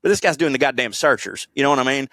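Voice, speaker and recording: A man's voice: medium pitch, expressive, fast, a bit bright, no room sound. Rambling, profane man on a podcast. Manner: rambling, profane, self-deprecating storytelling. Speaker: podcast co-host presenting history segment. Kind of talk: casual podcast chat.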